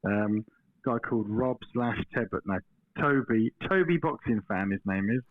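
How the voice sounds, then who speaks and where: A man's voice: on the low side, animated, moderate pace. A man co-hosting a podcast, talking hesitantly and stumbling over his words. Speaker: podcast co-host. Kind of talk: casual podcast chat. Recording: dry, tinny phone-like line.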